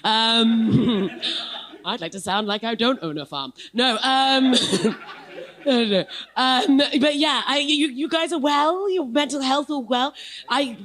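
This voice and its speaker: A woman's voice: high-pitched, takes it slowly, fairly bright tone. A woman with a posh English accent doing a live stand-up set on a club stage, chatty and playful, bantering with the crowd and laughing between lines. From England, London then West Country. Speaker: stand-up comedian.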